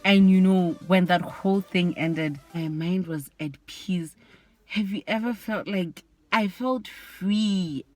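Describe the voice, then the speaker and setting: A woman's voice: on the low side, fairly even intonation, measured pace, darkish tone, no echo. A young woman telling a personal story to camera in a candid, exasperated way, with plenty of "like". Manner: candid, exasperated, often says "like". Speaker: vlogger.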